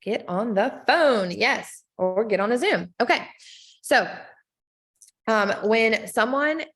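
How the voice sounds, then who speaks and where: A woman's voice: animated, a bit bright, breathy edge. Upbeat woman coaching her sales team. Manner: upbeat, direct, peppered with "okay?" and "right?" checks; acts out sample scripts with quick pitch swings. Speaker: network marketing team trainer.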